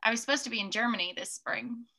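Bright-voiced young woman host. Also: a little high, quick pace. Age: young adult. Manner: easygoing, chatty, laughs readily. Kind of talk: casual interview chat.

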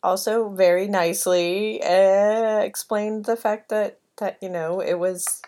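A woman's voice: mid-range voice, steady tone, mellow. A woman co-hosting a podcast, chatting casually and eagerly chiming in with agreement. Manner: enthusiastic, quick agreeing interjections. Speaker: podcast co-host. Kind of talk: casual chat.

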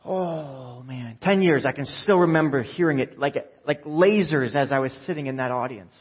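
Husky-voiced pastor telling a sermon story. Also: male voice, medium pitch, moderate pace, highs cut off. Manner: storytelling with quoted voices, lively asides to the congregation.

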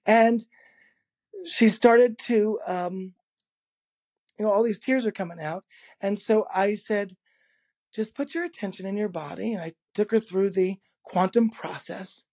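A man, a guest in an interview, telling a personal anecdote in a lively, casual way, laughing often and acting out the quoted dialogue. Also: high-pitched, measured pace, long pauses. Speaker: interview guest, energy healer.

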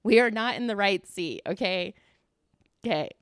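A young woman from the United States chats on her solo podcast, telling a story in an animated, self-mocking way and swearing casually. Her voice sits at a middle pitch. The recording is dry and close, with no room sound. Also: normal speed, smooth, no echo. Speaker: podcast host.

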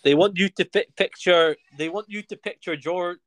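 A man's voice: high voice, normal speed. A young man chatting casually on a podcast, joking and laughing easily, rambling through his points. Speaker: podcast regular. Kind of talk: casual chat.

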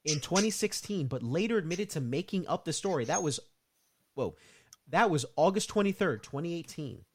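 A man's voice: on the high side, animated, normal speed, a little hiss or hum. A man co-hosting a casual podcast, reading out news items and adding sarcastic asides. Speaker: podcast co-host.

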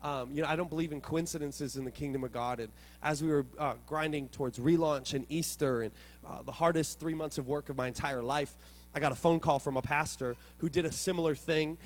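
A male pastor preaching a sermon as animated storytelling, moving between quiet reflection and loud, excited moments. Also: a little high, a little fast.

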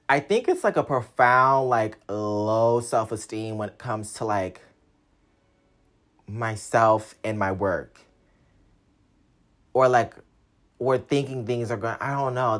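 A young man talking through his own story in a casual, sassy monologue. He swears freely and swings between loud outbursts and low mutters.

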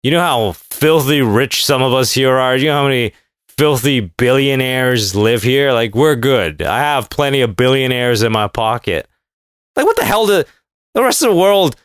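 A man delivering a casual comedic rant, sarcastic and profane, mocking people with quick put-on voices. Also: mid-range voice, lively intonation, a bit bright, clean tone, no echo, studio quality.

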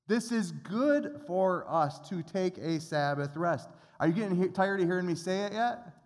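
A middle-aged man pastor preaching a sermon in an earnest, conversational way, often restarting his phrases. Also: on the high side. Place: church sanctuary. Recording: long reverb of a church hall.

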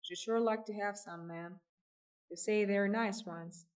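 A woman's voice: mid-range voice, steady tone, unhurried, a little mellow, recorded from a distance, close to an everyday voice. A woman reading aloud, voicing a persistent traveling tinker man with a folksy, coaxing way of talking. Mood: whining.

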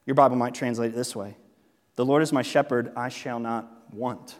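A middle-aged man preaching a sermon as pastor, in a lively, conversational way with jokes and laughs. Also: medium pitch, normal speed. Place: church sanctuary. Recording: long reverb of a large hall.

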